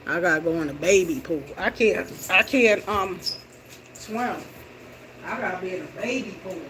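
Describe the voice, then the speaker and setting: A middle-aged woman vlogging in casual chat to her viewers while slowly walking and exercising indoors. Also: fairly low pitch, fairly bright tone. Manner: chatty, slow walking while talking. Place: indoor room with hardwood floor. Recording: roomy, distant and noisy room sound.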